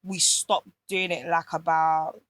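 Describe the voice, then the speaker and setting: A woman, a podcast guest telling a personal story in candid casual chat, animated and swearing freely. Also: deep voice, takes it slowly, dry recording.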